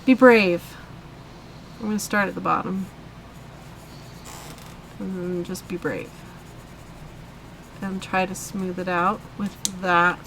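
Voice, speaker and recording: A woman's voice: lowish voice, fairly even intonation, slow pace, creaky, long pauses, background noise. A woman hosting a live coloring tutorial, chatting casually as she demonstrates step by step. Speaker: host of a live coloring stream.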